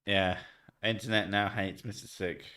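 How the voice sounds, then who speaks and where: A man's voice: fairly low pitch, steady tone, moderate pace, sharp tone, far from the mic. A man streaming and chatting casually, joking, swearing and reading chat messages aloud.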